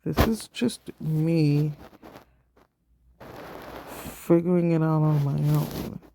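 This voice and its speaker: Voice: medium pitch, flat delivery, slow, noisy background. A self-taught artist vlogger talking casually while drawing, ranting defensively and swearing often.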